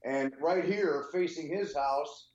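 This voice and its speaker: A man co-hosting a podcast, telling stories in an animated, heated and profane way. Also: on the high side, slow pace. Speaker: co-host. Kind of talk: casual podcast storytelling. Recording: roomy, dull lo-fi sound.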